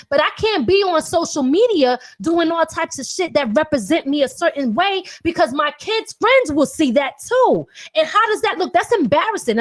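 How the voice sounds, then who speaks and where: A woman in her thirties hosting a podcast, an independent artist talking bluntly and animatedly with lots of profanity. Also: very high-pitched. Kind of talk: casual opinionated talk.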